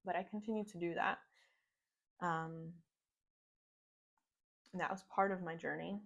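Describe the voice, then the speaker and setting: A podcast host with a fairly low, gravelly voice rambles casually through a personal story, saying "like" a lot.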